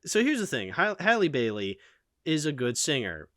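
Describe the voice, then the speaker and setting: Opinionated male host, animated delivery, dry mic sound. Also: fairly high pitch, moderate pace, dry recording. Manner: animated, opinionated, lots of fillers. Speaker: channel host. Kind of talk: casual film discussion.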